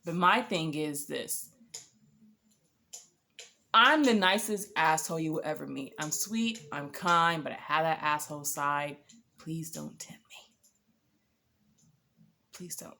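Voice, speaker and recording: A young woman casually telling a dating story to camera, animated and sassy, swearing freely. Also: sits low, slow, pauses often.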